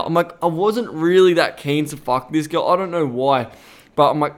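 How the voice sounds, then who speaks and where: A man's voice: on the high side, fast talker, clean tone. A young Australian man hosting a podcast, telling a story in a casual, rambling way full of swearing and "like" fillers. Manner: rambling, profane, many "like" fillers. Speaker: podcast host.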